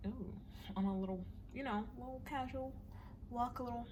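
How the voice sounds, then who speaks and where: A woman's voice: on the high side, moderate pace, noisy background. A young woman chatting casually in a home vlog, playful and self-teasing, recorded on her phone, sometimes dropping to a whisper. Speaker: vlogger.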